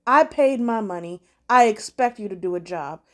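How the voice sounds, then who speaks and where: A woman's voice: medium pitch, animated, moderate pace, lightly acted. A woman voicing a cocky young male street dealer who mocks and orders others around. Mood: bossy. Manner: cocky, mocking, bossy.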